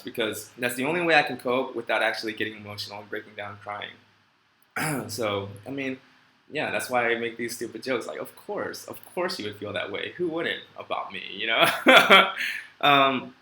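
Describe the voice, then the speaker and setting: A middle-aged man chatting on a late-night livestream, heartfelt and a little rambling, breaking up the sincerity with self-mocking jokes. His voice is bright and forward, and it bounces around a roomy space over a faint hiss. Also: mid-range voice. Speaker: host of a live Q&A stream. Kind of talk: casual live-stream chat, reading viewer comments. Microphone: desk microphone.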